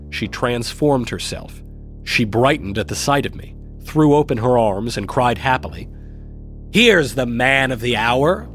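A man reads a first-person drama in a deliberate, measured style with a sardonic, self-mocking edge. His voice sits fairly low, and faint music plays behind him. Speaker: narrator and reader.

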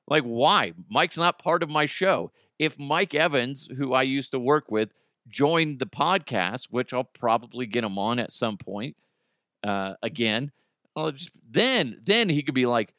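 A man's voice: mid-range voice, expressive, unhurried, bright, forceful tone, no echo, studio quality. A man in his thirties hosting a solo podcast, ranting bluntly and profanely with self-mocking asides. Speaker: podcast host. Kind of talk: casual solo podcast rant.

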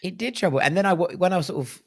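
A man in his thirties hosting a casual football podcast, chatty and self-deprecating with quick asides. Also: high-pitched, expressive. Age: 30s. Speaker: podcast host.

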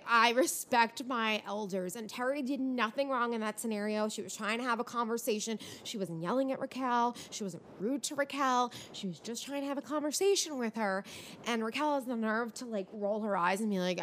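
Podcast host, young woman, slightly high voice, fired-up casual rant, faint low rumble underneath. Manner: ranting, animated, frustrated. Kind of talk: casual reality TV recap.

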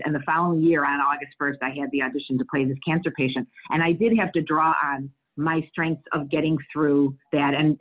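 A middle-aged woman, an actress, tells stories in a casual interview, candid and animated and often laughing. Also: sits low. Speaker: guest actress. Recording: tinny phone-like line.

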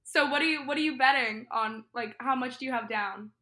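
A woman hosts a casual podcast chat, teasing her guest in a giggly, playful way. Her voice is bright and fairly high. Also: fairly quick. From New York. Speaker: podcast host.

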